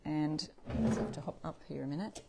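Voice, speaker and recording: A woman's voice: sits low, a little fast, vocal fry, darkish tone, a little hiss or hum. Chatty woman hosting a live crafting demo. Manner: chatty, self-correcting, answers viewer comments. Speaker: craft livestream host. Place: home craft space.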